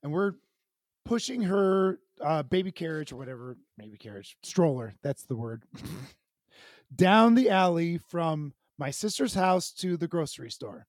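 A man co-hosting a podcast, telling a comic story in an animated way and laughing as he goes. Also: on the high side, a little slow, no room sound, clean studio sound. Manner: animated, laughing as he tells stories. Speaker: podcast co-host. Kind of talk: casual chat, comic storytelling.

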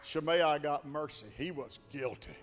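Male pastor, sermon, dramatic, hushed to shouting, church reverb, soft music under. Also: on the high side, a little slow, some chatter behind.

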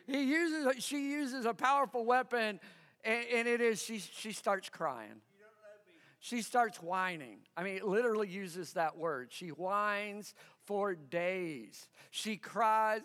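Man, pastor, sermon, high voice, slow delivery, animated storytelling, long hall reverb. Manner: animated, acts out quoted voices, chuckles often.

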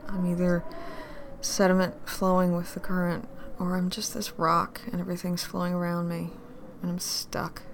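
An actress playing a drunk woman in an audio drama monologue, grieving and bitter, her voice shifting between whispers and louder outbursts. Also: fairly low pitch, monotone, moderate pace, slight background noise, lightly acted.

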